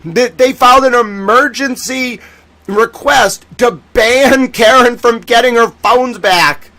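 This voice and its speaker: Animated, sarcastic high-voiced man. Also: takes it slowly. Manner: animated, sarcastic, mocks people in put-on whiny voices. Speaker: host of a legal commentary stream. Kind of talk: casual chat.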